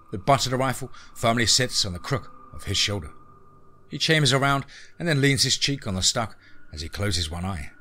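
A man's voice: on the low side, pushed and bright, a little hiss or hum. A man narrating a scripted horror story in a dramatic, tense present-tense reading.

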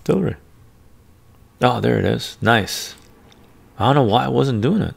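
Male host, very gravelly, mid pitch, casual and muttery, thinking aloud. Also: lively intonation, unhurried. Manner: thinking aloud, muttering while searching charts. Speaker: finance video host. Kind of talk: casual screen-share commentary. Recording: ASMR-style close mic.

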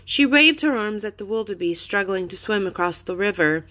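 Bright woman reading a storybook aloud. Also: medium pitch, normal speed. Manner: clear, expressive storytelling. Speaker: reader. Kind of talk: reading a children's chapter book aloud.

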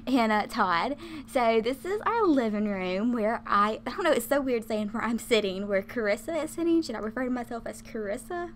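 A woman's voice: fairly high pitch, animated, moderate pace, slight background noise. A young woman casually talking through a life-sim game she plays, chatty and giggly with many fillers. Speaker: gaming channel host.

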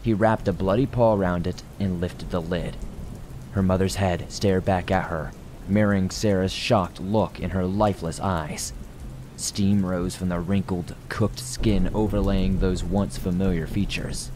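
A man narrates a horror story at a measured, hushed pace, with a very low, dark and mellow voice. Faint rain patters softly behind him. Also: steady tone, slight background noise.

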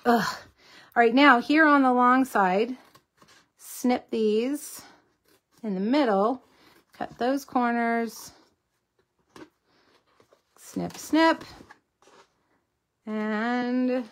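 A chatty woman with a slightly high voice hosts a casual craft tutorial livestream. She talks viewers through each step and banters with them as she works. A slight cough lingers in her voice. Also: very slow, pauses often, fairly bright tone. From Texas. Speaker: host.

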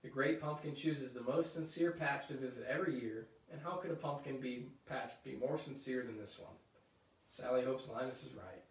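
A man reading a children's picture book aloud, with lively, chatty asides between passages. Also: medium pitch, normal speed. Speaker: story reader. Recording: roomy echo, mic at a distance.

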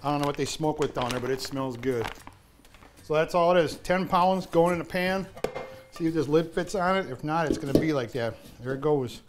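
A man's voice: on the high side, a little fast, noisy background. A man talking casually to the camera while cooking in his home kitchen, chatty and often addressing the folks watching. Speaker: home cook in sponsor segment.

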